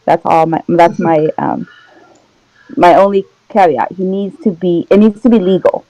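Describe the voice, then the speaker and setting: A woman's voice: lowish voice, steady tone, normal speed, warm tone, dry recording, low-quality recording. A woman chatting casually in a group talk, plain-spoken and laid-back, who slips into Spanish at times. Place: home.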